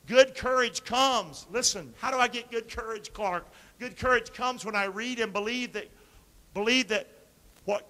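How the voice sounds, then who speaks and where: Male pastor, sermon, high voice, call-and-response, long church reverb. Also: normal speed. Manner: call-and-response preaching, quoting scripture; swings from soft asides to loud emphatic lines. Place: church sanctuary.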